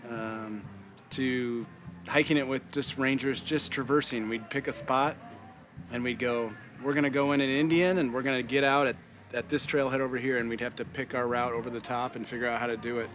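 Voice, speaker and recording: A man's voice: mid-range voice, steady tone, fairly quick, fairly bright tone, soft background music. Casual man reminiscing. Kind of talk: documentary interview.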